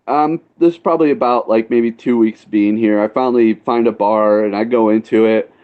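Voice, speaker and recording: A man's voice: fairly low pitch, steady tone, normal speed. A man with a Northern US accent, telling a rambling story in casual podcast chat. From northern Illinois. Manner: rambling, tangent-prone storyteller. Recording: dull lo-fi sound.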